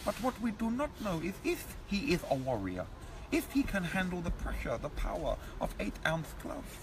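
A pompous, self-important boxing elder, put on by a man in a comic impression. He speaks with an affected posh English accent, avoids contractions, and lays out grand pronouncements. The voice sits high and moves widely, with a faint hiss of noise behind it. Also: wildly swooping pitch, normal speed, full character voice.

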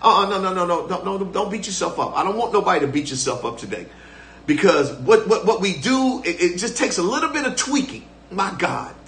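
A man's voice: high voice, sing-song, brisk, fairly bright tone, roomy sound, a little hiss or hum. An older man preaching a live-streamed sermon as pastor, fervent and repetitive, calling on listeners to respond.

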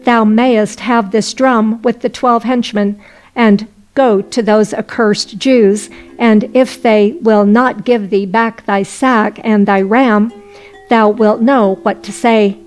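A woman's voice: fairly high pitch, fairly even intonation, takes it slowly, darkish tone, soft background music, rough recording. A woman voicing an old male wind spirit who scolds a drunkard. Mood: scolding. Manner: stern, scolding.

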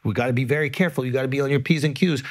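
Casual emphatic guy on a podcast, earnest, cursing, average pitch. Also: racing. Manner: emphatic, earnest, frequent profanity. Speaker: podcast guest. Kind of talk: casual conversation. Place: podcast studio.

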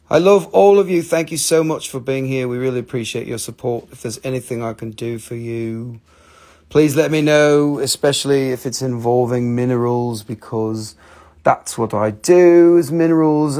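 A man's voice: medium pitch, darkish tone. A man hosting a live stream that sells minerals, chatting and joking with viewers as he shows his stones. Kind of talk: live sales stream chat.

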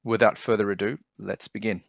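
A man's voice: fairly low pitch, little pitch movement, fairly quick, gravelly, no room sound, dull audio. A man reading a children's picture book aloud in a friendly, upbeat storytelling way. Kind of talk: friendly read-aloud for kids.

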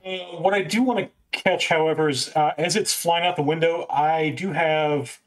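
A man playing a tabletop game at a live convention table with a slightly high-pitched voice. He talks casually and reasons out loud as he works through his options. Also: moderate pace. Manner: casual, thinking aloud. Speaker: player.

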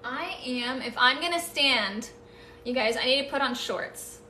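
Hosting a relaxed live stream, a woman talks with and thanks her viewers, laughing in a playful, nervous way. Her high voice sounds pushed and bright at a measured pace, picked up off-mic by a distant microphone in an echoey room with a little hiss or hum.

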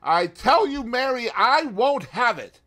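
A man doing a loud, indignant English husband. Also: high voice, very animated, a little slow, voice pushed up, heavily acted. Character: proud angry English husband, middle-aged.

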